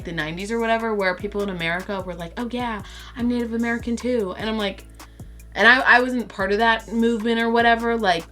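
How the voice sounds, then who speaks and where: A woman from Brazil chatting excitedly to camera as a vlogger and stumbling over words. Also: mid-range voice. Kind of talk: casual chat to camera.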